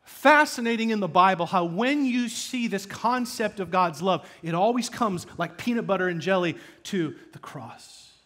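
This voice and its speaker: A man preaching a sermon as pastor, shifting from loud emphatic bursts to hushed asides. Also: high voice, expressive, normal speed, few pauses. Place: church.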